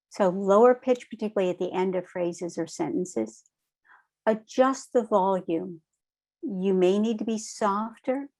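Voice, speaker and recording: A middle-aged woman teaching a training session in a calm, measured way, often checking in with "right?". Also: medium pitch. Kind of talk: recorded online training lecture.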